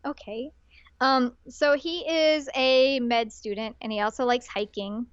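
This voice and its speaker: A woman co-hosting a casual podcast, telling a story in an animated way and often quoting characters. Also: high voice, a little slow, clean tone, no echo, lo-fi sound. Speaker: podcast co-host.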